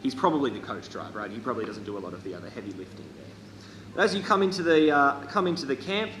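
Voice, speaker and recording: A man's voice: medium pitch, sing-song, fast, fairly bright tone. A man narrating as game master of a live tabletop game, rambling and correcting himself with many fillers. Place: hall. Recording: echoey hall with background noise.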